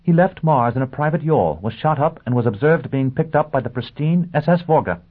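An urgent woman messenger, as a male narrator puts her on, pitched high and loud as she rushes out her news. The sound is thin and phone-like. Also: expressive, slightly rough. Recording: tinny phone-like audio.

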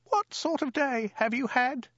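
A man reading aloud voicing a terrified young peasant mother who stammers and wails in a high squeak. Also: a little slow, fairly bright tone, dry recording, muffled recording, exaggerated voice.

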